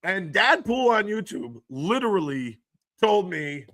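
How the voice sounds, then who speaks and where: A hoarse man hosting a casual live stream about football news, excitable and laughing often as he reads the chat aloud. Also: on the high side, unhurried, pauses often, no echo, studio quality. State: hoarse from screaming.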